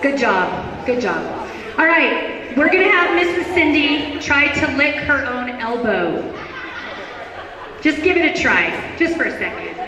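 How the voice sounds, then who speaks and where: A woman's voice: high-pitched, big pitch swings, measured pace, crowd noise. A woman hosting a school game show, calling out dares and cheering on contestants in an upbeat, encouraging way. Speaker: event host. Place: large school hall with a crowd. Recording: echoey hall recorded from far off.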